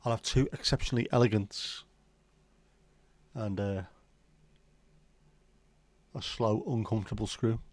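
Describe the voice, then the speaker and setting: A man's voice: fairly low pitch, steady tone, measured pace, long pauses. A man in his fifties hosting a livestream, chatting in laid-back banter with dry jokes and the odd swear. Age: 50s. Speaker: livestream host. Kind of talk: casual chat.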